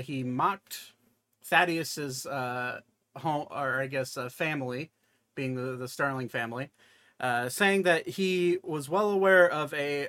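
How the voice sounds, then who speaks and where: A man acting as game master for a tabletop role-playing session, with a voice of ordinary pitch for a man. He narrates the story and rulings in a loose, halting way, full of filler sounds and self-corrections. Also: a bit bright.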